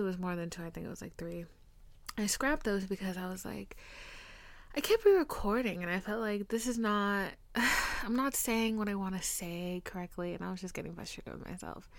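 A congested woman hosts her own podcast in loose, sarcastic chat. Her voice is often half-whispered and slips into gravelly fry. The sound is close and completely dry. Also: mid-range voice, a bit bright, no room sound. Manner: breathy whispery, chatty and sarcastic. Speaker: podcast host. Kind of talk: casual chat.

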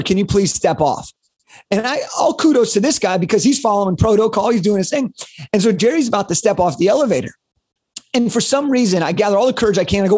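A man in his late twenties, a guest telling an energetic story on a podcast and acting out the quotes. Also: sits high. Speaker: guest, speaker and author.

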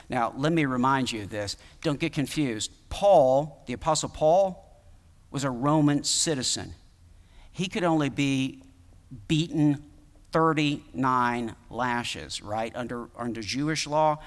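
A man preaching a sermon, reading scripture aloud and breaking off to comment in a conversational way, now and then rising to loud emphasis. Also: medium pitch, a little slow, long reverb tail. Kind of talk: expository sermon.

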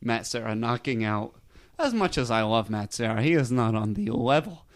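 A man's voice: mid-range voice, expressive, normal speed. A man hosting a casual podcast, rambling enthusiastically and swearing freely. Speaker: podcast host. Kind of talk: casual chat.

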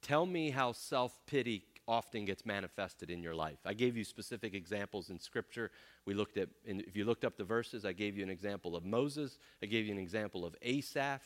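A man leading an interactive Bible class, animated and acting out people's complaints in voices. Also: lowish voice, fairly quick. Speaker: pastor teaching a class.

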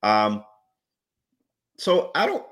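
A man trades sarcastic jabs on a casual sports podcast, laughing often. His voice is bright and tense, and his pitch leaps around with lively energy. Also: extremely slow. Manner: sarcastic and animated, frequent laughter. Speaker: podcast co-host.

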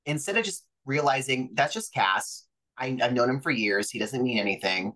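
A young adult man, a pro wrestler guest on a podcast, telling stories in a lively, profane way and acting out other people's voices. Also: mid-range voice, normal speed, rough recording. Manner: animated, profane, acts out quoted voices. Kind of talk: casual interview storytelling.

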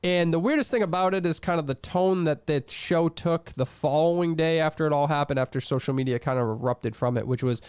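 A man's voice: on the high side, fairly quick, hardly any pauses, darkish tone, clean tone, no echo. Rambling man chatting casually. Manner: rambling, repeats words when starting thoughts. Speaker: podcast host recapping a radio show. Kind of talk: casual chat.

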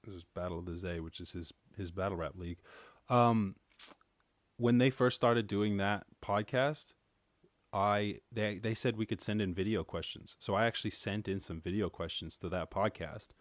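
Irish male podcast host, low-pitched, loose rambling delivery, dry close sound. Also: moderate pace, no echo. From Ireland. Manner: rambling storyteller, heavy filler words. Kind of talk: casual solo podcast chat.

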